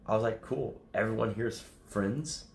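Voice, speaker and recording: A man's voice: lowish voice, normal speed, vocal fry, roomy sound, a little hiss or hum. A man livestreaming casual chat to his viewers, rambling and swearing, often laughing. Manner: rambling, profane, laughs a lot.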